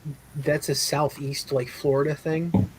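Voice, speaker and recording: A man co-hosting a casual chat, relaxed and agreeable, often hesitating before he speaks. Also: on the high side, unhurried, breathy edge, poor audio.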